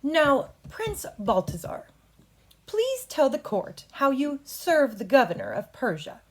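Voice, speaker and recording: A woman voicing an earnest male defense attorney in a courtroom play, with slow, deliberate and formal delivery. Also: high voice, huge pitch swings, voice pushed up, exaggerated voice.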